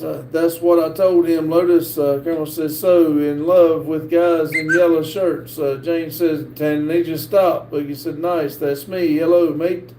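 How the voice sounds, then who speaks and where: A middle-aged man with a North Carolina accent hosts a live stream and reads viewer comments aloud, halting often with "uh". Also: on the high side. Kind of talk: casual live-stream chat. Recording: echoey room with faint background hiss.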